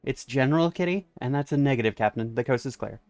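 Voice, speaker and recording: A man doing a clipped, deadpan cat general. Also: mid-range voice, fast, dry recording, faint music behind, close to an everyday voice. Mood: curt. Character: curt, deadpan female stealth-expert cat general.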